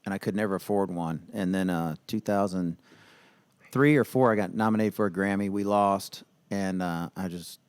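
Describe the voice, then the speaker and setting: Male guest, songwriter, deadpan storyteller, dry booth sound. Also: deep voice, moderate pace, smooth, no room sound. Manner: wry, deadpan jokes. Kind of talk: casual interview storytelling.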